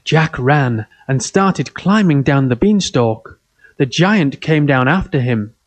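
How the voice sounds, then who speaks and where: A man reading a children's fairy tale aloud in simple, even, carefully spoken sentences. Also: medium pitch, takes it slowly. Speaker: storyteller.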